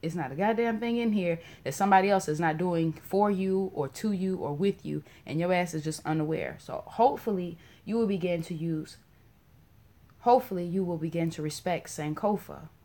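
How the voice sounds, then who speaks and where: A woman hosting a live stream in casual spiritual talk, blunt and profane, joking with viewers and repeating words softly. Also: on the low side, moderate pace.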